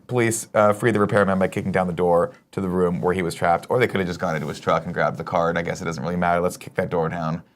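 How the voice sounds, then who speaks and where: A man's voice: sits low, fairly even intonation, quick pace, few pauses. A man co-hosting a comedy morning show, reading odd news stories aloud with crude jokes. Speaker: co-host. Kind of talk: casual comedic news chat.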